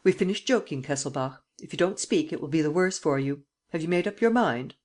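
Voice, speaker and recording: An audiobook reader voicing a cunning, mocking gentleman thief who taunts and bargains, with a theatrical, triumphant manner. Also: medium pitch, animated, a little fast, lightly acted. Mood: stern. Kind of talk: audiobook character reading.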